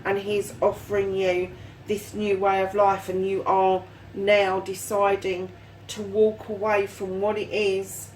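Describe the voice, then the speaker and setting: A woman's voice: mid-range voice, completely flat delivery, takes it slowly, darkish tone, distant mic, a little hiss or hum, rough recording. A woman giving a casual, encouraging tarot reading, chatty and swearing freely as she talks. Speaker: tarot reader.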